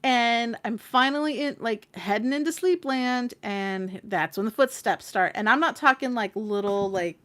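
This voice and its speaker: A woman hosting a tarot livestream, telling a personal story in a chatty, animated way, full of fillers and casual swearing. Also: on the high side, moderate pace, hardly any pauses. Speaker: tarot reader and stream host.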